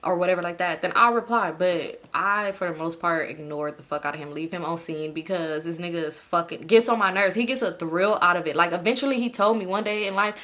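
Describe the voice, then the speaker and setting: A woman's voice: on the low side, brisk, few pauses, fairly bright tone. A woman in her twenties telling a story to her viewers in a candid, profane, casual way, with frequent laughter. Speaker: vlogger.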